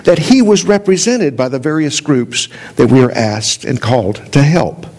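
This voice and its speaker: Pastor preaching a measured sermon. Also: male voice, mid-range voice, expressive, darkish tone. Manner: measured, storytelling delivery.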